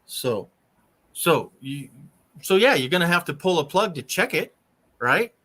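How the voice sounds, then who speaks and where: Male host, emphatic coach type, slightly high and bright, always checks in with the listener. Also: sing-song, unhurried. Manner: emphatic, keeps checking in with "right?" and "okay?". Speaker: RV channel host. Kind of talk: casual coaching chat.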